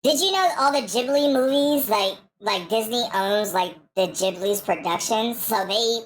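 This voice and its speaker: A woman's voice: fairly high pitch, a little slow, a little hiss or hum. A young woman co-hosting a casual podcast chat, ranting animatedly and swearing a lot. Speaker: podcast co-host.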